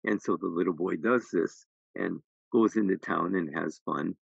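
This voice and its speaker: A man's voice: deep voice, moderate pace, gravelly, slightly rough, no room sound, dull audio. A middle-aged man, a minister, gives a dharma talk in a temple, telling a story with many restarts and then making his points emphatically. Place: temple hall.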